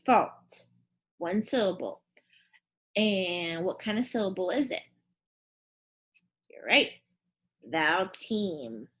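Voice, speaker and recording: In this phonics and spelling lesson, the teacher speaks to her young pupils in a medium, slightly bright voice with lively intonation. She poses questions and offers encouragement in a deliberate, classroom style.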